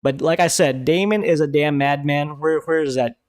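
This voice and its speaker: Excitable swearing man reviewing a show. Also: on the high side, normal speed, dry recording, clean studio sound. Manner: excited, swears freely, frequent restarts. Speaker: live-stream host reviewing a TV episode. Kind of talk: casual live-stream commentary.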